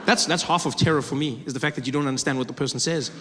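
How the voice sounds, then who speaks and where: A man's voice: medium pitch, very fast, a bit bright, big-room sound. A male stand-up comedian performing a set, talking conversationally with self-mocking asides.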